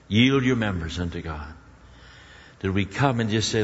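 A man preaching a sermon, telling a personal story with lively shifts between loud exclamations and hushed, prayerful tones. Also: on the low side, moderate pace, long pauses. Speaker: pastor. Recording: muffled sound with long hall reverb.

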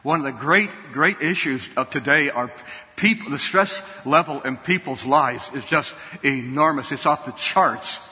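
A man's voice: mid-range voice, measured pace, sharp tone, slightly rough. A man preaching a sermon, telling a folksy story and often repeating his words. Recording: long hall reverb.

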